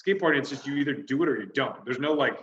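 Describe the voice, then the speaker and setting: A man's voice: mid-range voice, lively intonation, very fast, a bit bright, slight background noise. A man co-hosting a comedy podcast, ranting and swearing in casual chat. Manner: swears a lot, ranting and exasperated. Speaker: podcast co-host. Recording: roomy, slightly dull sound.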